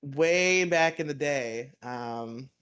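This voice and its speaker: A man co-hosting a podcast, talking in a laid-back, halting way with many fillers. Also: mid-range voice, a bit bright, smooth. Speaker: podcast co-host. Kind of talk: casual podcast chat.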